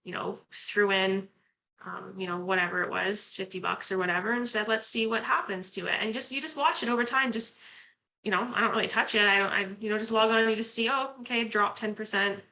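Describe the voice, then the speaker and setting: Bright-voiced chatty woman co-host. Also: medium pitch, steady tone, fairly quick, creaky, poor audio. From Canada. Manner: chatty, many fillers and restarts. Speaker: guest co-host. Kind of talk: casual talk-show chat.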